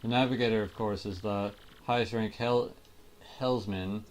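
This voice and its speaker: A man's voice: fairly low pitch, fairly even intonation, moderate pace, a little hiss or hum, natural voice. A man voicing a pompous, vain male ship-owner in a video game, declaiming grandly and theatrically. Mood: commanding.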